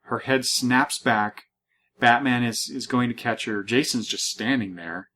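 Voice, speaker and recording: A man's voice: mid-range voice, measured pace, pushed and bright, a little hiss or hum. A man in a mid-range voice hosts a comic book podcast. He meanders, restarts his sentences and reads the panels aloud. It sounds like casual, unscripted chat. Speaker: podcast host.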